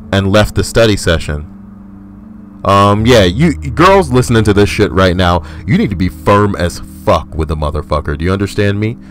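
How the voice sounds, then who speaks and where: Deep-voiced man ranting crudely. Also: slight background noise. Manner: profane, emphatic ranting. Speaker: host reading stories. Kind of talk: crude comedic commentary.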